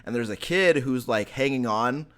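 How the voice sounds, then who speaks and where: A man's voice: mid-range voice, expressive, normal speed, a bit bright. A man hosting a gaming podcast, chatting casually and rambling with many fillers and restarts. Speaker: podcast host. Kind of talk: casual chat.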